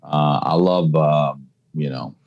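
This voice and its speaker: A man's voice: very deep voice, fairly even intonation, slow, creaky, muffled recording. A middle-aged man, a comedian, chatting as a podcast guest in a loose, profane storytelling way. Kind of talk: casual podcast chat.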